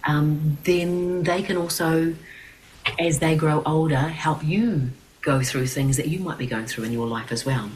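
Very low-voiced New woman. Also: unhurried, darkish tone, a little hiss or hum, rough recording. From New Zealand. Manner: earnest, thoughtful, with many fillers and restarts. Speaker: guest, children's TV presenter and producer. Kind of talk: interview conversation.

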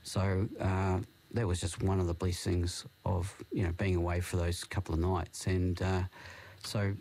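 Deep husky New man. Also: flat delivery, unhurried. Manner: gentle, affirming, slightly hesitant. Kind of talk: casual faith chat.

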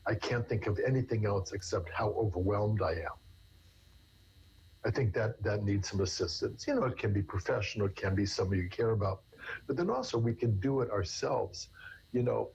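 A man's voice: fairly low pitch, a little mellow, husky. A man, a therapist, answering interview questions at length in a rambling way, often restarting with repeated words. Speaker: therapist guest. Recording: dull lo-fi recording.

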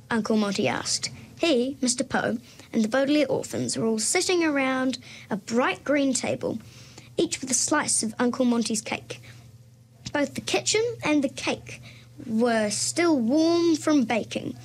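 A woman reads a passage from a children's novel aloud as a guest reader. She reads in a relaxed way, now and then restarting or correcting herself. Her voice sits fairly high. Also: unhurried.

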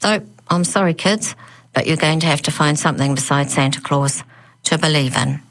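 A woman's voice: deep voice, normal speed. A woman voicing a gloomy, weary former Santa Claus who talks in a lackadaisical, sighing way.

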